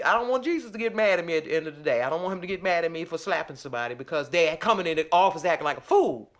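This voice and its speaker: Sassy storytelling woman, very lively pitch. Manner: animated, sassy, acts out both sides of a phone call. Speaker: vlogger. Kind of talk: storytelling rant to camera.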